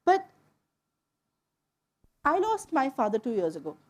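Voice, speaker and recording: A woman from India telling a personal story to an audience, in an emotional, animated way. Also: high voice, unhurried. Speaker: speaker. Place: stage before an audience.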